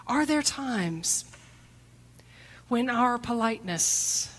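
A woman pastor delivering a reflective sermon, posing questions to the congregation and sometimes dropping to a hushed near-whisper. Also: fairly high pitch, animated, takes it slowly, husky. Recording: long hall reverb.

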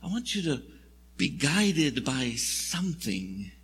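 A man's voice: mid-range voice, big pitch swings, slow pace, fairly bright tone, slightly rough. A man preaching a sermon in a church, telling the story in a conversational, wry way. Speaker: pastor. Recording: long hall reverb.

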